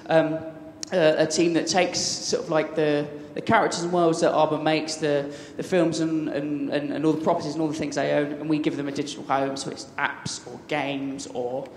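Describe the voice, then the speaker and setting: Chatty man in an echoey hall. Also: fairly high pitch. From England. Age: 30s. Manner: chatty and enthusiastic, with many restarts. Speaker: conference speaker. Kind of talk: conference talk. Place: large conference hall. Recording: echoey hall, faint background noise.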